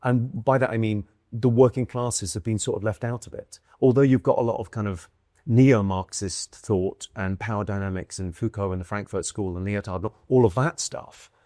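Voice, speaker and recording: Dry-witted British comedian musing aloud. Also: male voice, lowish voice, moderate pace, dark tone, dry recording. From United Kingdom. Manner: thoughtful, restarts often, dry wit. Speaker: comedian guest. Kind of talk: casual conversation. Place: indoor room in London.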